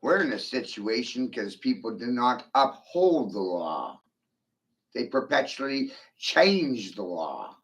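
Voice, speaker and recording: Man, angry monologue, profane, combative, mid-pitched. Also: big pitch swings, takes it slowly. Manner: combative, swears often, taunts silent listeners.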